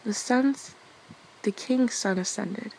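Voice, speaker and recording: A young woman reads a fairy tale aloud as a bedtime story in a soft, casual way. Her voice sits at an ordinary middle pitch, and she laughs lightly at her own slips. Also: slow, creaky, a little hiss or hum, rough recording.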